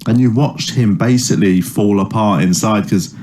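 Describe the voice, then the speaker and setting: A man's voice: lowish voice, moderate pace, a little mellow. A comedian in his thirties, a man chatting casually in an interview, telling stories with lots of fillers and restarts. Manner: rambling storyteller with many fillers and restarts. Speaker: comedian guest. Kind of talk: casual anecdotal chat.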